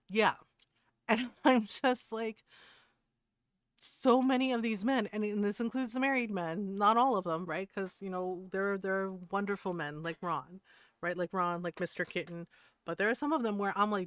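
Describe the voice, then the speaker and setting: A woman's voice: medium pitch, normal speed, a bit bright, smooth, no room sound, studio quality. Heated, profane woman ranting on stream. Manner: heated, profane, laughing between points. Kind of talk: casual rant to stream chat.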